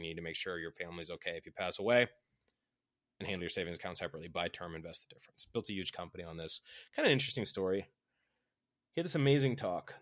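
Man, lowish voice, rapid rambling podcast chat, dry close mic. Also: a bit bright, no room sound. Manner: rambling, with many "right?" and "like" fillers; acts out quoted voices with big pitch jumps. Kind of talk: casual chat.

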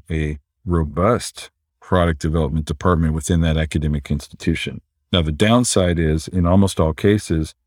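A man, a physician and entrepreneur, explaining things in a relaxed conversational way and often tagging his points with "right?". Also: deep voice, no room sound, studio quality. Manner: relaxed, explanatory, frequent "right?" tag questions.

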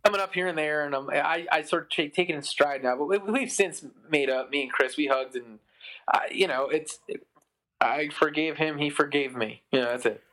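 A man's voice: a little high, moderate pace. A man in his thirties, a musician, telling a long story in a casual podcast chat, full of "like" and acted-out quotes. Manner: rambling, lots of "like", animated quoting. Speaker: musician guest.

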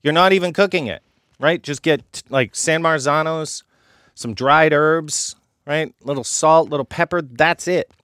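A man's voice: a little high, a little slow, fairly bright tone, no echo. A middle-aged man, a chef guest in a radio studio, explaining his cooking with confidence and often checking in with "right?". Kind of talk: cooking demo chat.

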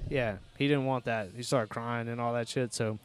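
A man's voice: mid-range voice, steady tone, normal speed. A man, telling profane, joking stories about his kids on a casual podcast. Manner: profane storytelling, loose and joking. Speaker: podcast host, father.

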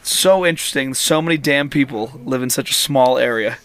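A man's voice: mid-range voice, a little fast, a bit bright, clean tone, no echo. A man from the United States hosting a podcast interview, laid-back and casual, often saying "dude". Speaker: podcast host. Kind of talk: casual chat.

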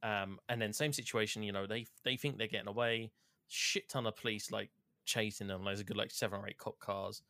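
A man's voice: fairly low pitch, steady tone, brisk, bright, forceful tone, dry recording, studio quality. A man chatting casually about a video game, retelling scenes in a rambling way.

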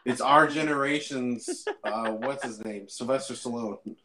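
A man's voice: mid-range voice, unhurried, bright, forceful tone. Wry teasing male podcast co-host. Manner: wry, teasing, mocking impressions. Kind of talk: casual chat.

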